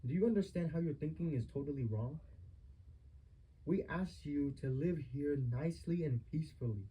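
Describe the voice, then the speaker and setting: A man's voice: on the high side, normal speed, mellow, husky, rough recording. A man giving a family member a heated lecture at home, stern and repetitive as he scolds.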